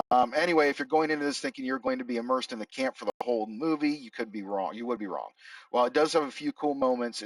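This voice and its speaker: Man, middle-aged, casual movie chat, rambling, lively pitch, dry sound. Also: creaky, no echo, distant mic, low-quality recording. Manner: rambling, self-correcting, reading out his own reviews. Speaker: movie reviewer. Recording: dry sound, set back from the mic.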